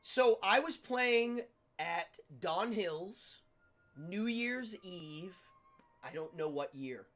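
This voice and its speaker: Middle-aged man, livestream host, lively swinging pitch, casual storytelling, faint music behind. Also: extremely slow. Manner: animated, laughs often, acts out quotes.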